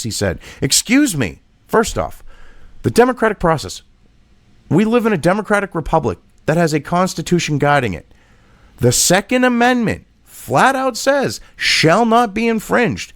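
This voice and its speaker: Man, commentary vlogger, ranting and sarcastic, animated pitch, dry close sound. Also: normal speed, no room sound. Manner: heated, profane and sarcastic; reads an article aloud and rebuts it. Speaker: political commentator.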